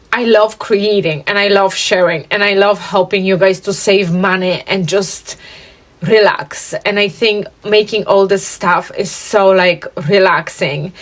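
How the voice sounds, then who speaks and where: Chatty woman sewing vlogger. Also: medium pitch. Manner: chatty, rambling, with fillers. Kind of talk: casual chat.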